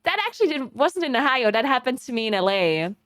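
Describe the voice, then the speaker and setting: A woman's voice: high voice, fast, no echo, studio quality. A young woman from Italy, a streamer, chatting casually with viewers and telling stories with a lot of laughter. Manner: animated storytelling, laughs often.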